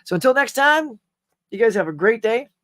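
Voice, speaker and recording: A man's voice: very high-pitched, expressive, moderate pace, a bit bright. A man hosting a casual live stream, rambling cheerfully, greeting viewers and reading their comments, often saying "y'all" and "man.".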